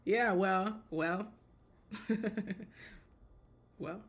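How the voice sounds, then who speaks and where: A woman's voice: mid-range voice, drawn-out words. A woman giving casual spoken commentary in a blunt, joking way, often repeating herself and breaking into laughter. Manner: repeats and restarts phrases.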